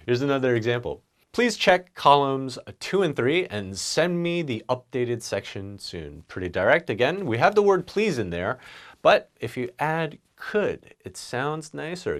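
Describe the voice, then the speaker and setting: A man teaching a business English lesson with a lively, swinging pitch. He acts out the example phrases as he goes and keeps a relaxed, conversational tone. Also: unhurried.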